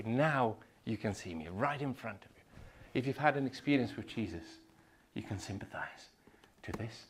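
A man preaching a sermon, swinging between loud proclamations and hushed whispers. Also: fairly high pitch, moderate pace.

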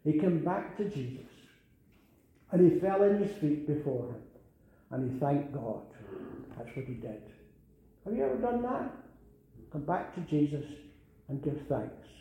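A man's voice: fairly high pitch, big pitch swings, a little slow, long pauses, warm tone. An older man preaching a sermon earnestly, repeating phrases and rising to emphatic calls. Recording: very echoey room.

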